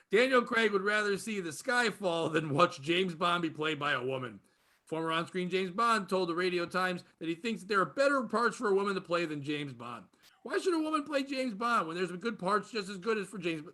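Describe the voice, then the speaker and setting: A man hosting a comedy podcast, ranting profanely and swinging from low muttering to loud outbursts. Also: lively intonation, fairly quick. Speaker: podcast host. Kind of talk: casual comedy podcast rant.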